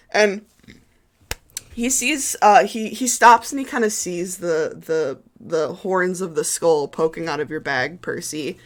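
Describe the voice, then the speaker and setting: A young woman narrating a tabletop game as game master, hesitant and filling pauses with ums. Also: fairly low pitch. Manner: hesitant, full of ums and kinda. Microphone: streaming headset or desk mic.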